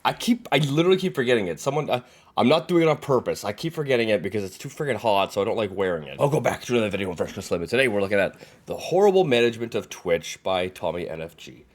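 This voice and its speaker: A man's voice: on the low side, big pitch swings, racing. A young man hosting a reaction video, making rambling, unsure asides. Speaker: reaction channel host. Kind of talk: casual reaction commentary.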